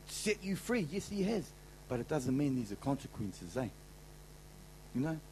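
A middle-aged man with a New Zealand accent preaches in a slightly high voice, swinging between loud and soft. He talks in a plain, colloquial way. A faint hum sits behind him. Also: poor audio. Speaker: convention speaker. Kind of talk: sermon testimony.

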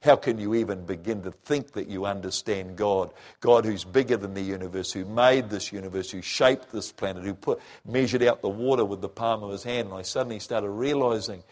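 Middle-aged preacher, lowish voice; an emotional, faltering testimony full of restarts. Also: male voice, a little mellow. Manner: emotional, halting, with many restarts. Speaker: former missionary and preacher. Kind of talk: personal testimony.

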